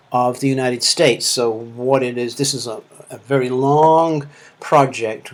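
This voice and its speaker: A man with a Manchester accent giving recorded course feedback as a lecturer, talking hesitantly with many fillers and restarts. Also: mid-range voice. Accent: Manchester English. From England. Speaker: university lecturer.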